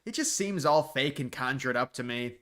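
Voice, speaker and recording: A man's voice: medium pitch, animated, normal speed, pushed and bright. A man from Ohio hosting a casual livestream, rambling bluntly through viewer questions with frequent restarts. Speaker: livestream host.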